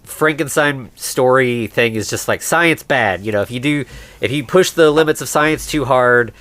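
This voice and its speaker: A man co-hosting a podcast, casually recapping a movie and putting on quick voices for its characters. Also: medium pitch, fairly bright tone, no echo. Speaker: podcast co-host.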